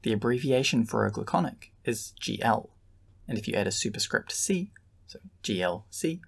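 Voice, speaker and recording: Man, gravelly, husky, calm measured lesson narration. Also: fairly low pitch. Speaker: lecturer.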